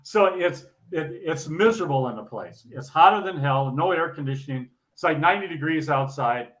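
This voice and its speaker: A man's voice: fairly high pitch, animated, fairly quick, fairly bright tone. A man, a retired bowling pro, telling stories in casual chat, laughing often and repeating words as he goes.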